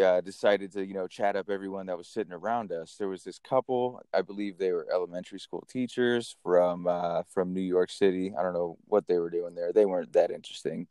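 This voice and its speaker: A man hosting a podcast, telling stories in a casual, animated way and swearing now and then. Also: deep voice, clear, resonant tone, no room sound, studio quality. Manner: animated, chatty storyteller who swears casually. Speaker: podcast host. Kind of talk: casual storytelling.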